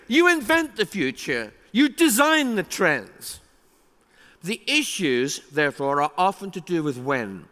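A man giving a conference keynote speech, animated and emphatic, with rising exclamations. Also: high voice, unhurried, some chatter behind. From England. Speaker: keynote speaker. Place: large conference hall. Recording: reverberant hall.

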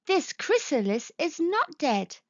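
A woman voicing a gentle, patient mother mole in a storybook reading, speaking softly and slowly and sometimes whispering. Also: high-pitched, very animated, no echo, voice pushed up, heavily acted. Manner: soft, slow and soothing, sometimes whispered. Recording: dull lo-fi sound.

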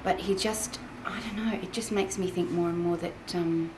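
A woman's voice: fairly low pitch, steady tone, normal speed, noisy background. A middle-aged woman, a voiceover artist giving her blunt opinion in a chatty, frank way. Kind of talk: mockumentary interview.

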